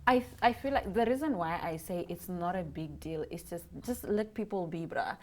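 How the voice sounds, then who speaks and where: A woman's voice: on the low side, normal speed, a little hiss or hum. A woman co-hosting a talk show, chatting casually with short agreeing sounds and blunt asides. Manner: frequent backchannels, blunt asides. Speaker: co-host. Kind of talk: casual chat.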